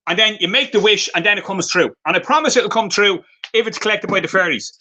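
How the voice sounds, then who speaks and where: Over a rough recording, an Irish man with a high, bright, forceful voice moves at a quick pace while presenting his handmade crafts on a live stream. His light-hearted stories come packed with fillers.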